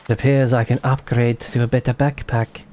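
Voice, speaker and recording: A man putting on a creepy, theatrical voice as he addresses his viewers with drawn-out words. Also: medium pitch, flat delivery, a little mellow, a little hiss or hum, lightly acted. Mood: gloating.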